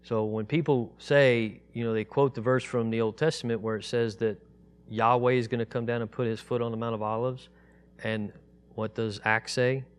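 A man's voice: medium pitch, little pitch movement. Man teaching a Bible study. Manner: reads scripture aloud in a raised, slow, emphatic voice; explains in a casual, conversational way with fillers and restarts.

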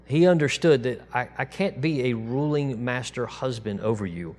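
A man preaching a sermon to his congregation in a relaxed, conversational way, dropping to a soft, quiet voice when he quotes God. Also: mid-range voice, moderate pace, hardly any pauses. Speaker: pastor.

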